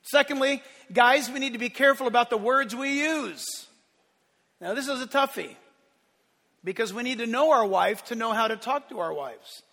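Pastor guy preaching, real high sharp voice, big ringing hall reverb, goes loud then hushed. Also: lively intonation, normal speed, vocal fry. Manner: preaching with rising emphatic bursts and quiet asides. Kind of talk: sermon. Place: church hall. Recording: long church hall reverb.

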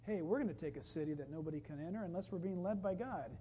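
A man preaching a sermon as pastor, animated and punchy, with emphatic rises and wry jokes. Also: sits high, quick pace, a little hiss or hum. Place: church sanctuary. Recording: lo-fi, dull, long reverb from a church hall.

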